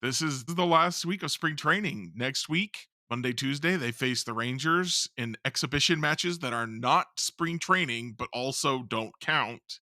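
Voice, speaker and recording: A man's voice: mid-range voice, sharp tone, no room sound, clean studio sound. A man co-hosting a casual sports podcast, wry and offhand. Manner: wry, offhand, quick asides. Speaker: podcast co-host.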